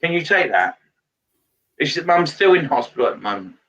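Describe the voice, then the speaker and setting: A man working as a medium, giving a live reading to a sitter in a halting way, with many pauses and fillers. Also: on the high side, sing-song, a bit bright. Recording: distant mic, dull lo-fi sound.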